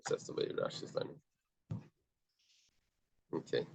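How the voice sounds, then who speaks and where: A man's voice: a little slow, dry recording. A man teaching a casual Talmud study class, explaining step by step with everyday examples and frequent restarts. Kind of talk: casual study-group lesson.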